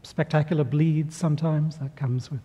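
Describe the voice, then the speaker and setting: A middle-aged man delivers a sermon, pausing deliberately between phrases. His voice is warm and a little husky, sitting somewhat high for a man. It carries with a long reverb, as if in a church hall. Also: fairly even intonation. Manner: storytelling with acted voices, measured pauses. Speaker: pastor.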